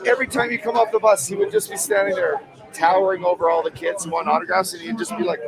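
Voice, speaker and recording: Podcast host, man, high gravelly voice, energetic, swears a lot, loud bar crowd behind. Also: quick pace, low-quality recording. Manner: energetic and profane. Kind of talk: casual chat. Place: busy hotel bar. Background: crowd chatter.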